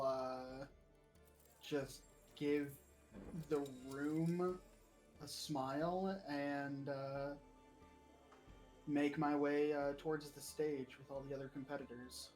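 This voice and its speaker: A man's voice: a little high, little pitch movement, a little mellow, faint music behind, rough recording. A man playing a tabletop game, describing his character's actions hesitantly. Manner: hesitant, halting with fillers. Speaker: player.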